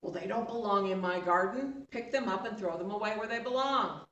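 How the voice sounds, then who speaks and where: Woman storyteller doing a loud, exasperated village chief, commanding, distant roomy sound. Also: fairly high pitch, sing-song, brisk, lo-fi sound, voice pushed up. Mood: bossy. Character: bossy impatient village chief, man. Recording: roomy, distant, faint background hum.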